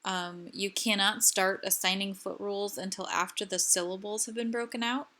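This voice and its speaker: Woman instructor, mid-pitched, bright tone, clear patient explanations over slides. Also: steady tone, moderate pace. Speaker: language teacher presenting. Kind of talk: recorded slide lecture.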